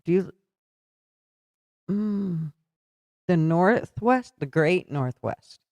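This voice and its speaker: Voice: medium pitch, animated, very slow, darkish tone, dry recording. A livestream host in casual political chat, tired and yawning, talking loosely and answering viewer comments aloud.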